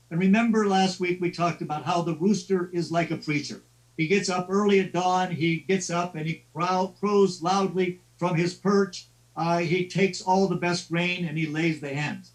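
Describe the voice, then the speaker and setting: A male lecturer talks through old tales in a loose, storytelling manner, often restarting his words. His voice is high for a man. He sounds distant from the mic on a live stream. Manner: conversational storytelling with stammered restarts. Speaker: lecturer on literature.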